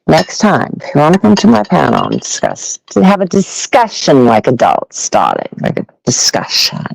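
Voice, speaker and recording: Man, audio panel host, slightly high, gravelly voice, unhurried, angry, sarcastic rant, dry close sound. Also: huge pitch swings, darkish tone, dry recording, rough recording. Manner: angry, profane, sarcastic, rambling. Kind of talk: ranting casual monologue.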